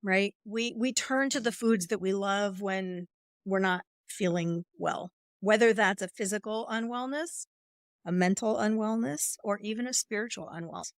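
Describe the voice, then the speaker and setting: In a studio-quality recording free of room sound, a woman speaks at medium pitch and a moderate pace. She is a coach being interviewed on a podcast, expressively explaining concepts and acting out inner voices.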